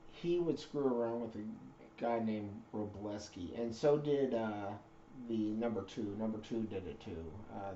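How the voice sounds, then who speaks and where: A man's voice: lowish voice, darkish tone, a little hiss or hum. A man telling a casual story, rambling with lots of fillers and self-corrections. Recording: roomy dull recording.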